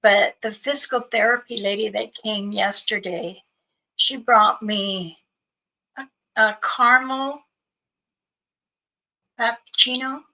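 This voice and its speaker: Chatty woman with a gravelly, bright voice. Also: a little high, steady tone, takes it slowly, long pauses, low-quality recording. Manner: chatty storytelling, greeting viewers. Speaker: livestream host. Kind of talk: casual livestream chat.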